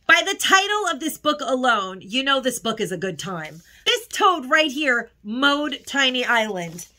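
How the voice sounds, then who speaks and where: A woman's voice: high-pitched, big pitch swings, unhurried, pushed and bright. A woman chatting casually in a haul video, gushing and emotional, sometimes close to tears. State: tearful at times. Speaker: haul vlogger.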